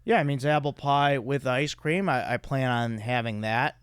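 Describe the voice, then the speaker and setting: A man's voice: mid-range voice, fairly even intonation, normal speed, clean tone, no room sound. A man hosting a podcast, chatting casually and rambling with many fillers into a close mic. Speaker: podcast host. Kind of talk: casual comedic chat.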